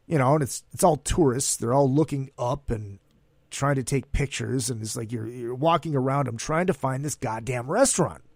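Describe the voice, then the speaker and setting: Stream host, male, animated cussing raconteur, fairly high voice. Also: no room sound, studio quality. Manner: animated storytelling with profanity and acted-out quotes. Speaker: host of an online talk stream. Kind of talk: casual rambling monologue. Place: at home.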